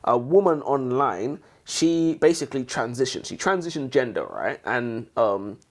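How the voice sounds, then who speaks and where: Chatty man, lively pitch. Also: a little slow. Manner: chatty, digressive storyteller. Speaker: podcast co-host. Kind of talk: casual book discussion.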